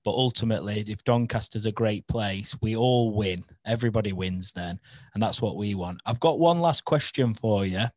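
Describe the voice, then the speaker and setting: A man's voice: fairly low pitch, normal speed, a little mellow, dry recording. A man hosting a podcast, friendly and encouraging as he interviews a guest. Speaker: podcast host.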